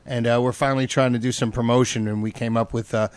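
Male podcast host, mid-pitched, rambling and self-deprecating, dry close mic. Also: flat delivery, quick pace, clean tone, no room sound. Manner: rambling, self-deprecating, many fillers and restarts. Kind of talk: casual chat.

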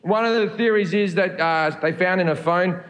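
A man's voice: high-pitched, moderate pace, fairly bright tone. A male stand-up comedian telling dry, provocative jokes on stage. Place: comedy venue. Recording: echoey room with live crowd.

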